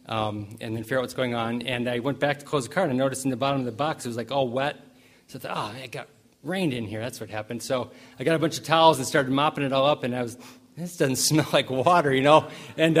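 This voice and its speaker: Rambling, self-mocking male pastor. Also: medium pitch. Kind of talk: storytelling sermon.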